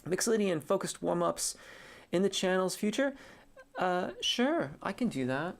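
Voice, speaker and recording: A man, a singing teacher, answers viewers' questions in a relaxed live stream, thinking aloud with many fillers. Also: high voice, fairly quick, vocal fry. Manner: reads viewer comments aloud and answers them. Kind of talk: casual live-stream chat.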